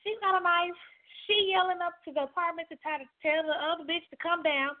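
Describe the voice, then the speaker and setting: A woman's voice: extremely high pitch, a little fast. A woman hosting a casual podcast, telling a story animatedly and acting out the other people's voices. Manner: animated, acts out quoted voices. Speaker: podcast host. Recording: phone-like narrow sound.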